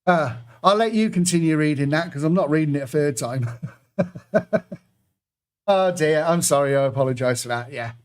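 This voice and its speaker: A man hosts a pub quiz over a computer microphone, his voice sitting a little high for a man. He reads the clues in a chatty, self-mocking way and keeps laughing at his own fumbles. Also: normal speed, long pauses, clear, resonant tone. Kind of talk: online quiz hosting, reading clues aloud.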